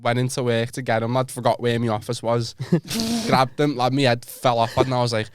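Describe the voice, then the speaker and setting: Fast-talking young man. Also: mid-range voice, clean tone, no echo, studio quality. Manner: rambling anecdote, says "lad" constantly, swears. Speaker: podcast co-host. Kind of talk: casual chat, storytelling.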